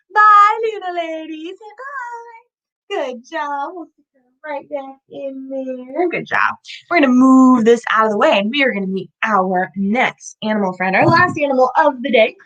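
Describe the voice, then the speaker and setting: A woman with a high voice hosts a live children's animal show, presenting a lizard and animatedly asking young viewers questions.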